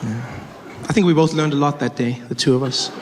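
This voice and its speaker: A man's voice: medium pitch, fairly even intonation, a little fast, crowd noise. A man doing stand-up storytelling, acting out characters with shifting voices. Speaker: stand-up comedian. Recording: live hall, reverb and noise.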